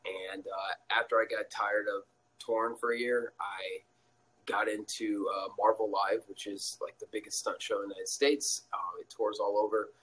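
At an ordinary pace, a young man tells an animated story as an interview guest, laughing a lot and imitating others in a high voice. The recording quality is low.

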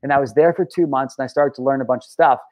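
A man's voice: mid-range voice, fast, a little mellow, low-quality recording. A man in his thirties talking to camera in a casual, rambling personal vlog, emotional and full of restarts. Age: 30s. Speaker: vlogger.

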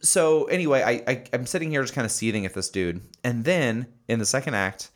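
A man's voice: mid-range voice, animated, a little fast. A young man casually telling a story on a podcast, with many fillers and laughs. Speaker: podcast co-host. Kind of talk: casual chat.

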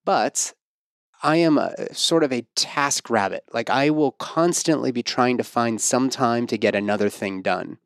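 A man in his thirties hosting a podcast interview, talking in a self-assured, animated way and pushing his pitch up for emphasis. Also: measured pace, no room sound, clean studio sound. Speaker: podcast host and fertility coach. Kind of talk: casual interview chat.

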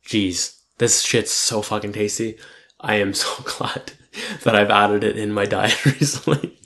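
A man's voice: fairly low pitch, steady tone, unhurried, sharp tone, slight background noise. A young man talking casually to camera in a rambling, profane and upbeat reflective monologue. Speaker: vlogger.

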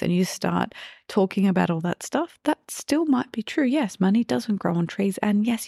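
A woman parenting coach giving calm, reassuring podcast advice and acting out example phrases for parents. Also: mid-range voice, normal speed, vocal fry, no echo, studio quality.

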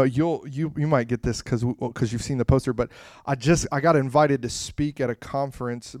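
A man telling a rambling personal story in a casual way, acting out scenes with sudden loud bursts. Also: medium pitch, smooth, dry recording, clean studio sound. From Florida, USA. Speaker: speaker sharing a testimony.

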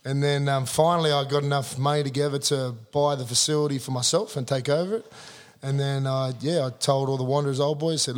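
Aussie bloke in his 30s spinning a rough sweary yarn, mid pitch, just chatting. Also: fairly even intonation, brisk, long reverb tail. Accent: Australian. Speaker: guest. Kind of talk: casual storytelling.

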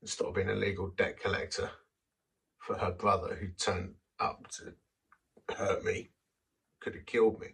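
A man's voice: low-pitched, flat delivery, a little slow, vocal fry, long pauses, a bit bright, husky, recorded from a distance. A man who is a vicar, telling a story in a sermon in a self-deprecating, anecdotal way and acting out the quotes.

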